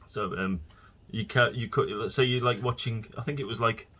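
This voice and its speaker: A man's voice: mid-range voice, normal speed, pushed and bright. A man hosting his own podcast, rambling casually from topic to topic and slipping into exasperated rants. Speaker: podcast host.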